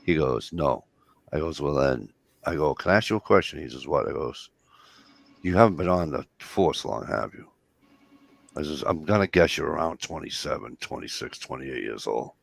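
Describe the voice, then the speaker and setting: A man's voice: a bass voice, brisk, gravelly, no room sound. A man telling a story in casual chat, profane and acting out both sides of an argument. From Massachusetts. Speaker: guest in group chat.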